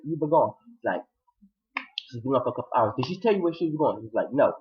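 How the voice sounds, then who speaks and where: Animated man recapping a TV episode. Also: fast talker, lo-fi sound. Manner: acts out characters' lines with sudden high-pitched outbursts. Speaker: TV episode reviewer.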